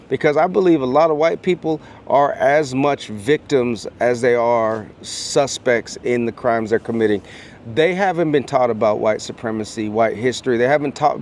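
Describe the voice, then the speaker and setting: A man's voice: medium pitch, darkish tone, slight background noise. A middle-aged man, an educator, telling a personal story to camera in an earnest voice that builds through strings of repeated phrases like a preacher. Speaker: educator and speaker.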